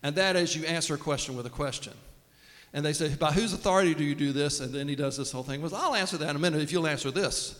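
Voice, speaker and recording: A pastor gives a casual, humorous conversational sermon in a church sanctuary, acting out the voices of those he quotes. He speaks quickly in a fairly high, fairly bright voice, and the sanctuary's long reverb colors the recording.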